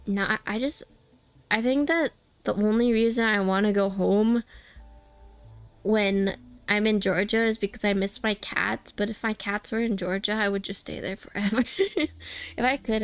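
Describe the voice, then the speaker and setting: A woman's voice: mid-range voice, steady tone, measured pace, creaky, pauses often, clean tone, no echo, soft background music. A young woman streaming a game, chatting casually and rambling with many restarts. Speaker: VTuber streamer.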